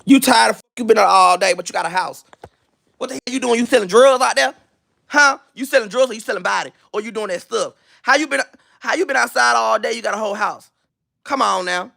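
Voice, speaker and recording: A man's voice: very high voice, vocal fry, pushed and bright. A man hosting a gossip channel, delivering a blunt, profane, mocking rant that loops back on its own phrases. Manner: repeats and restarts phrases while searching for a video. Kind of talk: ranting gossip commentary.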